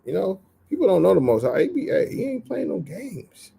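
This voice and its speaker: A man teaches scripture in loose, slang-heavy street talk and acts out the voices of the people in the story. His voice is dark and gravelly with a husky edge. His pitch swings widely as he talks. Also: wildly swooping pitch, brisk. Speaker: street preacher.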